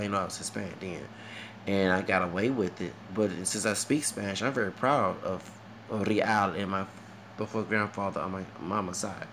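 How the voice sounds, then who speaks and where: A man's voice: lowish voice, steady tone, moderate pace, fairly bright tone, a little hiss or hum. A man with a Southern US accent ranting to camera in a heated, mocking monologue and dropping Spanish phrases into his talk. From United States. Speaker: vlogger.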